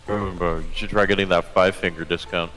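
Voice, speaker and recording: A man's voice: sits low, fairly even intonation, fairly quick, fairly bright tone, faint music behind, rough recording. A man voicing Mario, a teasing young sidekick in a game roleplay who corrects his friend and eggs him on.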